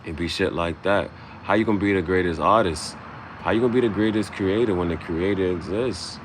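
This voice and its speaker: Low-voiced dude freestyle rapping, cocky and cussing, traffic noise behind. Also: male voice, brisk. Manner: loose, swaggering, profane rhyming talk. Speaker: host. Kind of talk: freestyle rap monologue.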